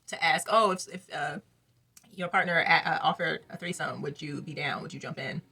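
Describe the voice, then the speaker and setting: This is a woman reviewing a reality TV episode in a casual vlog, blunt and exasperated, with plenty of slang. Her voice sits a little low but sounds bright and somewhat husky. Faint music plays under her talk. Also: normal speed, pauses often.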